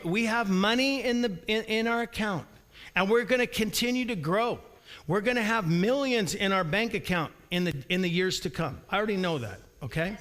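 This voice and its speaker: A man preaching a sermon in a church, energetic and calling for responses from the congregation. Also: sits high. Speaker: pastor. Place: church sanctuary. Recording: long reverb of a large hall.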